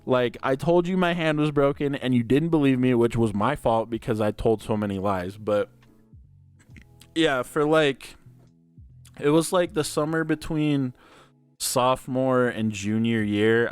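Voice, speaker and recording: A man's voice: medium pitch, clear, resonant tone, no echo. Crude, laid-back young man telling stories. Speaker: podcast host. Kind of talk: casual storytelling chat.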